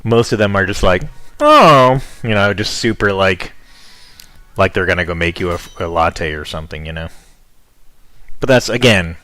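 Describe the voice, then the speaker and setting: Deep-voiced American man chatting casually. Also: normal speed, long pauses, a bit bright, dry recording. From United States. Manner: rambling, chatty, offhand. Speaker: streamer. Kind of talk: casual chat with viewers while playing.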